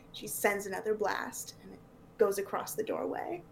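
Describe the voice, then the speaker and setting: A woman narrates a tabletop game as its game master, describing scenes in a loose, chatty way full of fillers. Her voice sits at a middle pitch with a gravelly, creaky edge. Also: level tone, normal speed, slight background noise.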